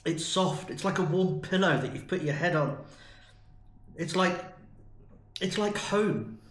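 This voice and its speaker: A man's voice: high voice, expressive, a little slow, fairly bright tone, echoey room. A man from the UK in a chatty, enthusiastic food review vlog. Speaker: food vlogger.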